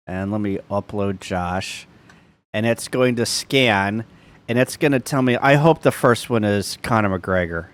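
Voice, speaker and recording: A man's voice: fairly low pitch, measured pace, smooth. A man, a ham radio YouTuber, casually narrating each step of a screen-recording walkthrough.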